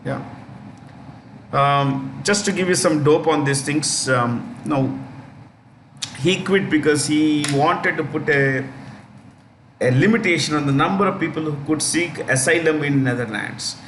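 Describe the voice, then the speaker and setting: A man with an Indian English accent teaching a current affairs lesson, saying key names twice, slowly, with many fillers. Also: fairly high pitch, a bit bright. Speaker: exam coaching teacher. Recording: echoey room, faint background noise.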